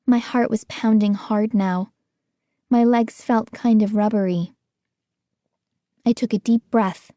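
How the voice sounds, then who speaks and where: A woman reads an audiobook in a measured, unhurried voice that sits a little high. The sound is close and dry, with no room around it. She narrates in the first person and voices the other characters too. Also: steady tone, mellow, dry recording. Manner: acts out scared young narrator and other characters' lines. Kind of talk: scripted narration.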